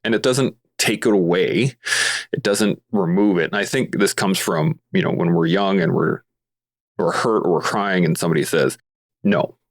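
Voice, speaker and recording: Canadian guy on a podcast, really low voice, earnest, keeps using analogies. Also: moderate pace. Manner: earnest, explains through everyday analogies. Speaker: podcast guest, veteran advocate. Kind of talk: casual podcast conversation.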